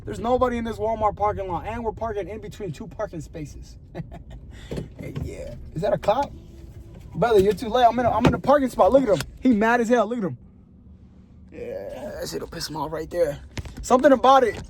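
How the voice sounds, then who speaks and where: A young man telling stories in a casual, slangy vlog, animated and laughing often, filming with his phone from his car and then inside a store. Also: high-pitched, fairly quick, background noise. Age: young adult. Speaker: vlogger.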